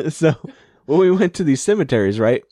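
A man's voice: fairly high pitch, sing-song, normal speed, warm tone, no room sound, studio quality. A man in casual podcast chat, easygoing and agreeable, laughing often as he tells a story.

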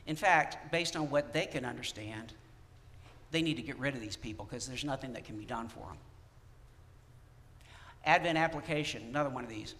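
A man preaching a sermon in a conversational, animated way, with casual asides to the congregation. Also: medium pitch. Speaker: pastor. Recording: long reverb of a church hall.

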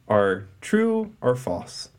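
A young man co-hosting a relaxed chat, playful in tone. He sets up riddles and reads out items for discussion. His voice has an ordinary middle pitch. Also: very slow. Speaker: co-host. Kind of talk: casual chat.

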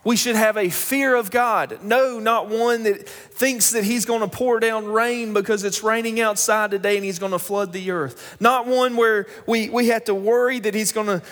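A man's voice: high voice, fairly even intonation, normal speed, hardly any pauses, a bit bright. A young man, a pastor, preaching a sermon in a storytelling way that builds into emphatic preaching. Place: church sanctuary. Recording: long hall reverb.

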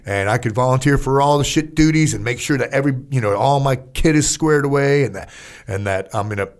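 This clip has the veteran at a medium pitch, talking a little quickly. He's an older man recounting stories in a casual interview, profane, lively, and packed with filler words.

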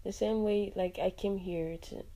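A woman's voice: medium pitch, steady tone, a little slow, mellow. A Nigerian woman hosting a podcast, talking casually and expressively on her own, with many "like" fillers and asides. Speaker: podcast host. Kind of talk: casual solo podcast talk.

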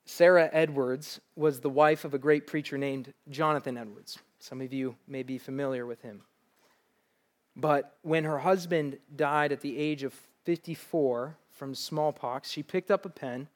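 A male pastor with a fairly high voice delivers a sermon to a church congregation. He speaks earnestly but conversationally, like talking to friends in the pews, and often laughs lightly. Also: moderate pace. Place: church service before a live congregation.

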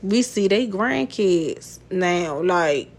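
A woman's voice: fairly low pitch, lively intonation, very slow. A woman hosting a podcast in a casual monologue, talking bluntly, swearing and laughing often. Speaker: podcast host.

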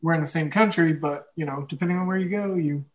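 A man's voice: a little high, quick pace, low-quality recording. A young man with an Oklahoma Midwestern accent hosts a casual podcast chat, rambling with lots of fillers and frequent laughs. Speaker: podcast host.

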